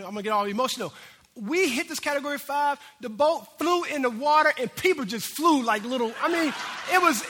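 A high, sharply bright male pastor preaching to his congregation. His storytelling is animated, jumping from loud bursts to near-whispers. His voice rings with the long reverb of a large hall. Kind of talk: sermon with personal story.

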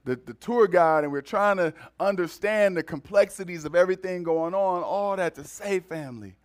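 Conversational male preacher, slightly high voice. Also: normal speed. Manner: conversational preaching, repeats words for emphasis. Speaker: pastor. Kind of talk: sermon.

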